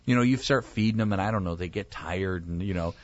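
Animated male pastor telling stories. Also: low voice, quick pace, dry recording, dull audio. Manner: animated storyteller, acts out quoted voices. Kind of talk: casual chat.

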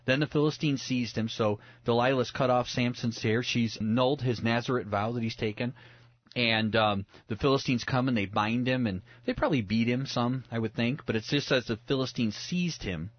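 A man's voice: mid-range voice, moderate pace, dry recording, lo-fi sound. A man speaking as a pastor guest on a radio talk show, earnest and reflective, often restarting his words as he thinks aloud. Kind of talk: radio talk about the Bible.

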